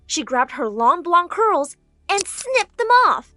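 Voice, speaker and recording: A woman narrating an animated drama story in an expressive, dramatic way. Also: extremely high pitch, slow pace. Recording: faint background music.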